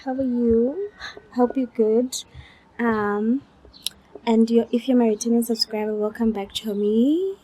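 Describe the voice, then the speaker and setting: A woman's voice: on the high side, unhurried, dark tone. Tired, chatty young woman. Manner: chatty, mixes in Sesotho phrases. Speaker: vlogger. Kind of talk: casual vlog chat.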